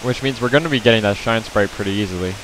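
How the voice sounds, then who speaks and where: A man's voice: fairly low pitch, racing, background noise. Rambling man narrating gameplay. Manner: rambling, filler-heavy, self-correcting. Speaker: let's play commentator. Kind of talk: casual gameplay commentary.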